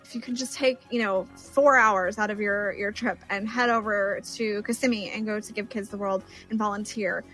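A woman's voice: mid-range voice, fairly even intonation, normal speed, few pauses, fairly bright tone, faint music behind. A woman co-hosting a podcast, speaking earnestly and encouragingly, with stammered restarts. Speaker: podcast co-host. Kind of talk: casual podcast chat.

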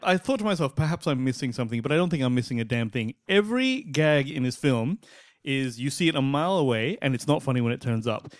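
Animated man ranting as podcast co-host. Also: medium pitch, fast talker, no room sound, clean studio sound. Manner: animated, opinionated, laughs often. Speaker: film review podcast co-host. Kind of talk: casual chat.

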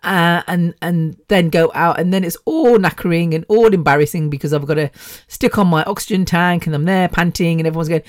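A woman in her fifties talks on her own podcast in a low, dry voice. She rambles and chats freely, with a swear word here and there. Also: fairly quick, no echo. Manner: chatty and rambling, with swearing and laughs. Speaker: podcast host. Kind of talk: casual solo podcast chat.

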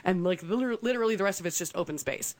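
Woman, low-pitched, casual storytelling, chatty, laughs often. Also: very fast. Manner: chatty, laughs often, lots of ums and likes. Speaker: podcast co-host telling a survival story.

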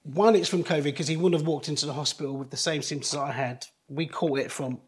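A middle-aged man tells a personal story as an interview guest. His voice sits a little high for a man. He speaks earnestly and haltingly, stopping and restarting his sentences. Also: fairly even intonation.

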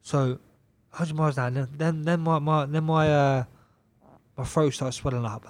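A young man, a pro boxer guesting on a podcast, telling a story in an animated, repetitive way, swearing constantly and laughing often. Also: a little high, normal speed. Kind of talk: casual storytelling chat.

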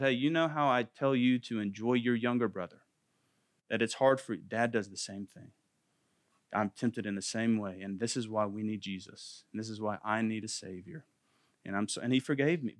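A man's voice: medium pitch, dry recording, studio quality. A man in his thirties giving an earnest, faith-based parenting talk, repeating phrases for emphasis. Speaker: parenting class teacher.

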